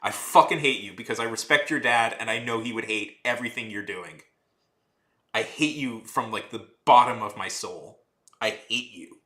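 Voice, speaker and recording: Streamer man, 30s, rambling and ranty, sharp bright tone, echoey room. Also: medium pitch, moderate pace. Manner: rambling, heavy use of "like", restarts and trails off; heated, ranting. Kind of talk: casual rambling chat while drawing.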